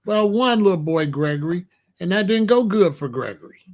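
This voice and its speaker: At normal speed, a man in his late sixties who hosts a show tells family stories in a voice that sits high and is a little mellow, with lively intonation. The monologue is casual, boastful and streetwise, packed with slang.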